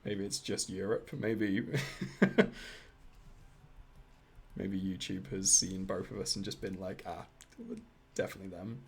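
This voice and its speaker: A man's voice: low voice, level tone, slow pace, long pauses, breathy edge. A British man chatting casually with his livestream viewers while he animates, rambling and chuckling between thoughts. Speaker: animator streaming live.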